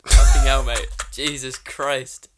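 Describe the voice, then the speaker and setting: A man's voice: medium pitch, level tone, slow pace, loud music behind the voice. A man co-hosting a podcast, talking bluntly in casual chat, often saying mate and swearing. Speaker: podcast co-host.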